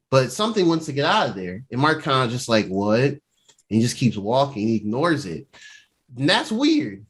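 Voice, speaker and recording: Male podcast co-host, mid-pitch, lively intonation, acts out characters while recapping. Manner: animated storytelling, acting out characters' lines. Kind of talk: casual chat recapping a TV episode.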